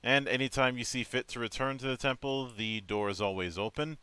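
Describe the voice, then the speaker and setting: A man's voice: mid-range voice, a little fast, pushed and bright, clear, resonant tone. A man hosting a casual online interview, jovial and theatrical, laughing often. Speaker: host.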